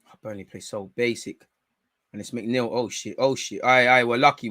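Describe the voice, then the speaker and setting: Fiery, bright-voiced football fan host. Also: male voice, mid-range voice, moderate pace, no room sound. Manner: excitable, swears, shouts at players and referee; talks while eating. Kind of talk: live match reaction commentary.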